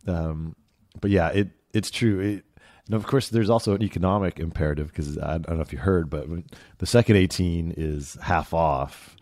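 A man talking casually on a podcast in a relaxed, rambling way. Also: deep voice, normal speed, no echo, studio quality. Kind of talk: casual chat.

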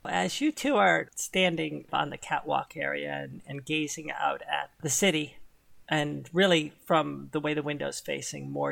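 A game master narrating a tabletop role-playing scene in relaxed, descriptive language. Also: medium pitch, creaky, dry recording.

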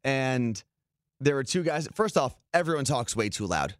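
A man from New Jersey co-hosts a relaxed chat, talking things through at length with plenty of fillers. His voice sits at a middle pitch and is recorded close and dry, with no room sound. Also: normal speed, dry recording. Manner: easygoing, explains at length with many fillers. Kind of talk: casual chat.

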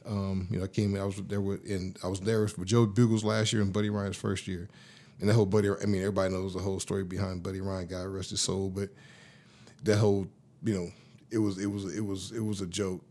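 A man in his fifties with a fairly low voice tells stories from his playing days in a loose, slangy, often profane way. He talks casually as an interview guest and gets animated as he retells events. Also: fast. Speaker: guest, former pro football lineman.

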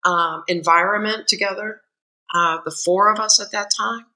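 A woman's voice: medium pitch, normal speed, poor audio. A woman co-author chatting casually, telling stories and laughing often. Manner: laughs often, lively storyteller. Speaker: co-author guest. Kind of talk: casual conversational storytelling.

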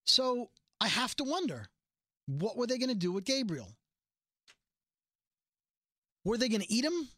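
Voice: mid-range voice, unhurried, pauses often, dry recording. A podcast host recapping a TV episode in casual chat, acting out the characters' lines as they go. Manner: animated retelling, acts out quoted lines.

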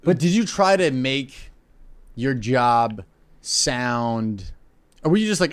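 A man's voice: medium pitch, expressive, takes it slowly, clear, resonant tone. A young man co-hosting a comedy podcast in casual, joking chat. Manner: jokey, loud bursts when putting on voices. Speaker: podcast co-host.

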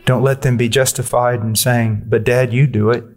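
A man's voice: medium pitch, flat delivery, moderate pace. A man preaching a sermon, blunt and personal in the way he talks.

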